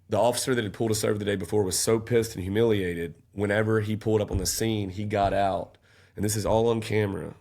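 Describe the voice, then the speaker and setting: A man's voice: fairly low pitch, fast, gravelly, a little mellow. A man, telling an intense, emotional personal story as a podcast guest. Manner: intense, emotional storytelling, raising his voice at peaks.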